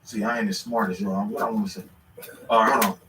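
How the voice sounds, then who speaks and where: A man in his thirties telling stories in casual chat, animated and swearing freely. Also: fairly low pitch, quick pace, distant mic, slight background noise. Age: 30s. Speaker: podcast host. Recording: echoey room, away from the mic.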